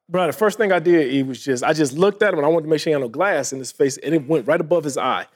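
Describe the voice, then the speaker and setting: Man in his thirties, podcast co-host; high, bright-pitched voice, tells stories with lots of laughs. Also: fast talker. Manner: animated storyteller, laughs often. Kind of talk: casual storytelling chat.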